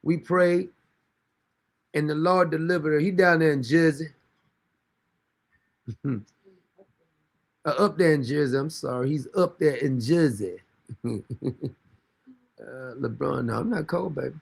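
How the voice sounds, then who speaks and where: High, gravelly mocking male streamer. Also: measured pace, pauses often. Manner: mocking, joking, rambling with frequent laughs. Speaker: livestream host. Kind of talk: casual livestream commentary.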